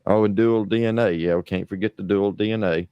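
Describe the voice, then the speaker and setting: A man's voice: lowish voice, steady tone, a little fast, mellow, clear, resonant tone, dry recording, lo-fi sound. A middle-aged man from New Orleans, hosting a livestream and riffing in a crude, rambling, sarcastic way. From New Orleans, USA. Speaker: livestream host. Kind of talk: casual mocking livestream commentary.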